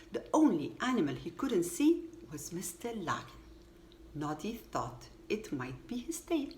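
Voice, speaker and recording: Lively woman reading a storybook aloud. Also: fairly high pitch. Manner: lively, expressive reading with acted quotes. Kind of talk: children's storybook read-aloud. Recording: echoey room with faint ambient noise.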